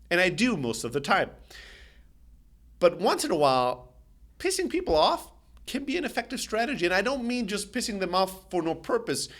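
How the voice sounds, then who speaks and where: A man with a notably high voice delivers sales advice straight to camera. His talk is energetic and emphatic, blunt and plain-spoken. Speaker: sales company host.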